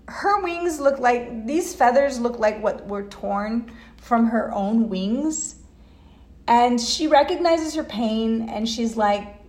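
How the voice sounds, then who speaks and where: A woman giving a casual tarot reading at home, emotional and blunt, swearing freely. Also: fairly high pitch. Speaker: tarot reader. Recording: echoey room.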